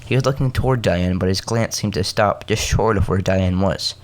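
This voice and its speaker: A man hosting a podcast, reading a story aloud with halting restarts and joking asides. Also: deep voice. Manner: halting, self-correcting, joking asides between coughs.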